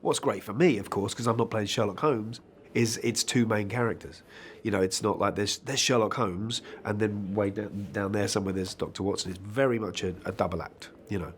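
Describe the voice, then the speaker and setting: A man's voice: fairly low pitch, fairly even intonation, a little fast, a little hiss or hum. An actor answering interview questions about his work in a thoughtful, conversational way, with dry self-deprecating asides.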